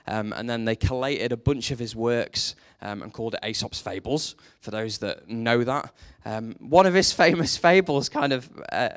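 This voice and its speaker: A man preaching a sermon, telling a story with lively energy and briefly acting out the characters in it. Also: mid-range voice, clean tone. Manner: animated storytelling, acts out quoted characters.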